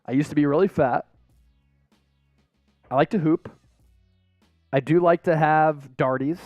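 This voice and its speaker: A man's voice: on the high side, steady tone, unhurried, a little mellow, dry recording, faint music behind. A man hosting a live sports stream, chatting casually in a laid-back, rambling way with frequent chuckles. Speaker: sports show host.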